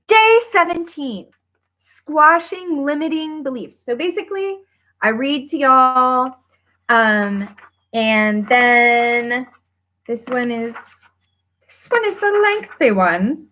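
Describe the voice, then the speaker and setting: A woman hosts a casual money-mindset livestream, chatting with viewers and reading a workbook aloud with lively emphasis, laughing and swearing freely. Her voice is high-pitched, and she takes it slowly.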